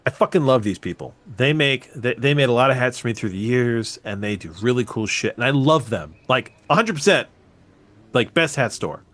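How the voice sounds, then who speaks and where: A man co-hosting a podcast in casual chat, animated and swearing freely, his voice jumping up when excited. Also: mid-range voice, moderate pace. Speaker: podcast co-host.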